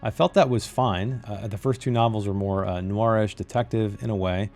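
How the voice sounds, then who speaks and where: A man's voice: fairly low pitch, steady tone, normal speed, darkish tone, faint music behind. A man reviewing a novel in a critical monologue, emphatic and fond of repeating key phrases for effect. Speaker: book reviewer.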